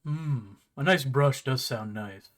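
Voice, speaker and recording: A man voicing a sly, well-mannered talking house cat in a tabletop game, with a slow, courteous drawl and a hungry edge. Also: mid-range voice, fairly bright tone. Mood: sly, polite. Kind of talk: game master voicing a character.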